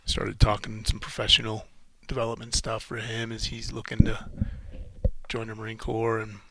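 A man hosting a solo podcast, rambling in halting, profane restarts while emotionally shaken and close to tears. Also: fairly low pitch, monotone, vocal fry, heavy background noise. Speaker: podcast host.

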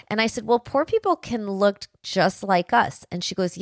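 A woman's voice: mid-range voice, brisk, few pauses, dry recording, studio quality. A woman in her forties hosting a podcast, telling family stories in an earnest, conversational way with frequent restarts. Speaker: podcast host. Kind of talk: casual podcast monologue.

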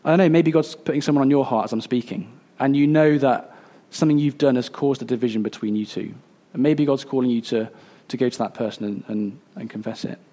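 A man in his thirties preaching a sermon, earnest and a little halting, with fillers and restarts. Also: mid-range voice, steady tone, warm tone. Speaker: pastor.

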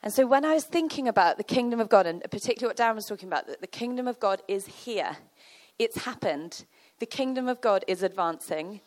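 A woman's voice: mid-range voice, animated, a little fast. A woman giving a chatty, conversational sermon, full of fillers and storytelling. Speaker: church speaker.

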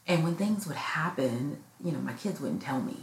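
A woman's voice: deep voice, expressive, moderate pace. A middle-aged mother from the United States, hosting a podcast and musing at length about her children growing up, with many fillers along the way. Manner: heartfelt, rambling with many fillers. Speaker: podcast host. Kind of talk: personal reflective monologue. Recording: echoey room with faint noise.

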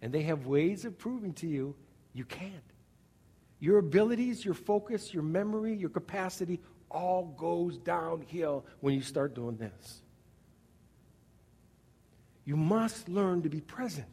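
A man preaching a sermon as pastor, animated, acting out little scenes and swinging from loud bursts to quiet asides. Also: fairly high pitch, unhurried, long pauses, husky. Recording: long reverb of a large hall.

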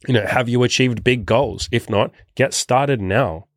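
A man's voice: medium pitch, unhurried, no room sound, clean studio sound. A young adult man coaching self-improvement in a blunt, profane, pushy monologue. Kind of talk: motivational monologue.

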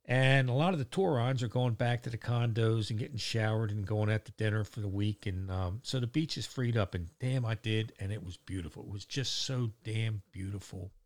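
A man's voice: lowish voice, normal speed, few pauses. A middle-aged man telling a casual, rambling story about his day, full of fillers and casual swearing. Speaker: vlogger.

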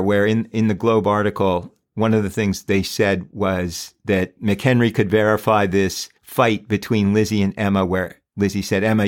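A man with a somewhat low voice hosts a true crime podcast. He talks emphatically and keeps firing off pointed rhetorical questions. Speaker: podcast host.

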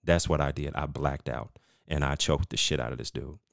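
A middle-aged man with a very low voice hosts his own podcast. He rants with animated, emphatic storytelling, swearing freely. The sound is dry and close to the mic. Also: moderate pace, vocal fry, no echo. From United States. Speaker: podcast host. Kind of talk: casual rant monologue.

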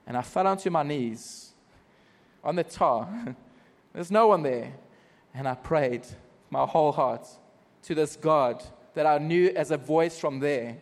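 At a church service, a South African man preaches his personal testimony, recounting it animatedly and poking fun at himself. His voice is fairly high and his pace measured, trailing a long reverb tail.

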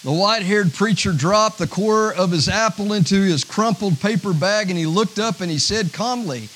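A male pastor preaching a sermon, with a preacher's rhythm that rises to shouts and drops to near-whispers. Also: high voice, normal speed, hardly any pauses, slight background noise, rough recording.

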